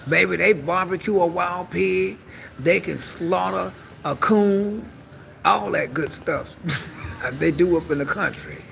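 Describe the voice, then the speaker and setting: Sassy woman with gravelly bright voice. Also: on the low side, slow, slight background noise. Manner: sassy, bawdy, calls listeners honey. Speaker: live-stream comedian. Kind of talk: stand-up style live-stream monologue.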